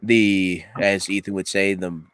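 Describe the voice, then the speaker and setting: A man's voice: low-pitched, level tone, a little slow, fairly bright tone, smooth, no echo. A man guesting on a casual podcast, laid-back and self-deprecating while answering questions. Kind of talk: casual chat.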